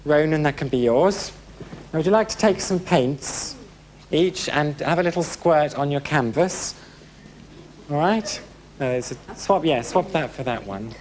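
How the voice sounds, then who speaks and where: A man's voice: on the high side, expressive, measured pace, darkish tone, slight background noise. A man hosting a TV game show, camp and arch, full of teasing quips. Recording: TV studio with audience and music.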